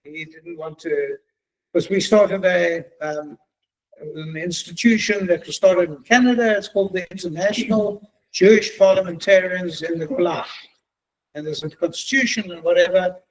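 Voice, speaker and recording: High-voiced man telling anecdotes. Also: normal speed, rough recording. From South Africa. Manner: chatty, joking storyteller. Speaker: guest speaker. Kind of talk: humorous anecdotal talk. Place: synagogue event hall.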